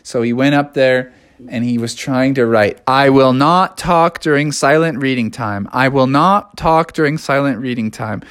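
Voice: mid-range voice, moderate pace, clean tone. A storyteller reading a children's storybook aloud in a playful, casual way. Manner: playful, animated, casual phrasing.

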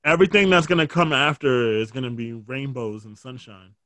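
A young man hosting a podcast in casual chat, asking questions with halting restarts and dry, teasing quips. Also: medium pitch, lively intonation, pushed and bright, no room sound. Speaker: podcast host.

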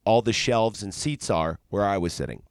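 A man's voice: fairly low pitch, moderate pace, clean tone, no echo, studio quality. Profane man telling a story. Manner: profane, animated, acts out quoted people. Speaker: podcast host. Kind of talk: casual storytelling chat.

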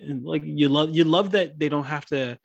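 A man with a slightly raised pitch chatting about movies with a friend. He is enthusiastic and keeps reenacting scenes as he talks. The recording is dry and close-miked. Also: moderate pace, creaky, no echo, dull audio. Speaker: podcast co-host. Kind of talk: casual chat.

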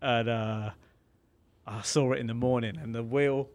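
A man's voice: medium pitch, steady tone, unhurried, darkish tone. A young man with a Birmingham accent, telling a long sweary story on a casual podcast and acting out both sides of it. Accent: Birmingham English. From England. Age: young adult. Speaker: podcast co-host.

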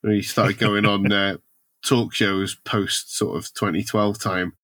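Male podcast host, forceful and raspy, deadpan questions, dry close sound. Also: on the low side, unhurried, dry recording. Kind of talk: comedic film podcast banter.

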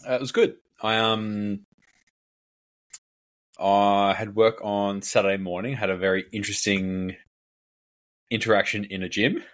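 A man's voice: on the low side, steady tone, unhurried, pauses often, fairly bright tone. A man, a fitness coach, chatting casually on a podcast and telling a long story full of filler words while acting out what other people said. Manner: rambling storyteller, heavy filler words, acts out quoted people.

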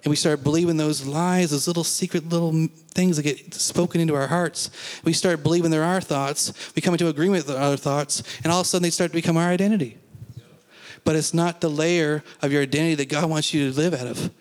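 Male pastor, mid-high voice, emphatic sermon delivery with call-outs to the room, reverberant hall. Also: steady tone, fast, darkish tone. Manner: emphatic, repeats phrases, asks the congregation questions. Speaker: preacher. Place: church.

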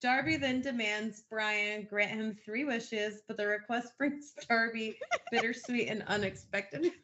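A woman's voice: fairly high pitch, a little slow, pushed and bright, muffled recording. A woman co-hosting a casual movie podcast. She recaps a film's plot and chuckles between lines. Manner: reads plot summaries, chuckles mid-sentence. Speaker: podcast co-host.

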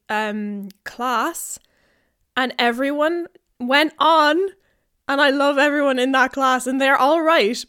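A woman's voice: sits high, smooth. A young woman hosting a podcast, rambling and giggly as she tells stories in a casual solo chat. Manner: giggly, rambling, animated storytelling. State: out of breath. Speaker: podcast host. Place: house in the countryside.

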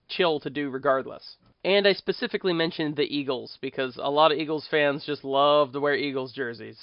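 A man's voice: a little high, dry recording, muffled recording. A man hosting a podcast, chatting casually and thinking aloud with fillers. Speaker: podcast host.

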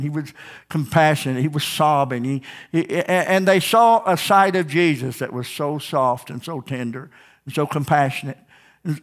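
A male pastor preaching a verse-by-verse sermon, swinging between emphatic raised passages and soft, low stretches, with frequent restarts and stumbles. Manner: preaching with rising emphatic swells and softer dropped passages; restarts and stumbles mid-sentence.

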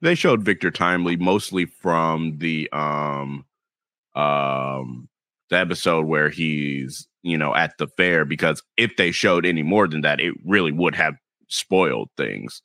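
Very deep-voiced Southern man chatting. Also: dry recording. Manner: relaxed, rambling, puts on quick impressions. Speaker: podcast co-host. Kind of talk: casual chat.

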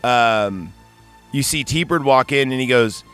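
A man's voice: mid-range voice, slow, clear, resonant tone, faint music behind. A man co-hosting a podcast, chatting casually while retelling a film and acting out its lines. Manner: animated, acts out movie lines. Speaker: podcast co-host. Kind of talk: casual chat, recapping a film.

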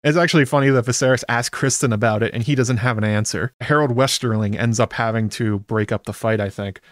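A man's voice: mid-range voice, steady tone, fast, no room sound, studio quality. A man chatting wryly through a casual episode recap, dropping the odd swear word. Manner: chatty, wry, drops occasional swear words.

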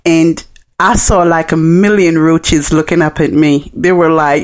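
A woman's voice: low voice, steady tone, measured pace. A woman from Jamaica with a Jamaican accent hosting a podcast and chatting through funny stories. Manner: chatty, joking, laughing between lines. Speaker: podcast host. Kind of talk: casual storytelling monologue.

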